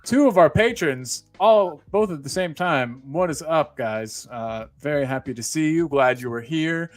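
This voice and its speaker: A man's voice: a little high, animated, unhurried, dry recording. A man hosting a casual fan call-in show, chatty and jokey, greeting viewers by name. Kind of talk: casual live-stream chat.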